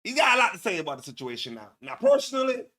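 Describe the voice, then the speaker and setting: A man's voice: sits high, big pitch swings, racing, sharp tone. A man hosting a live stream, talking in slangy, profane casual commentary and laughing often. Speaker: livestream host.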